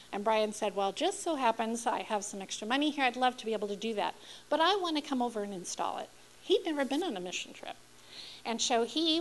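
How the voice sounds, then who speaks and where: A woman telling a humorous, animated story of her own life, acting out her reactions. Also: rough recording. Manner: animated, acts out her own reactions with big pitch jumps; humorous, self-deprecating. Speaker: speaker sharing her mission story. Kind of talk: storytelling testimony talk.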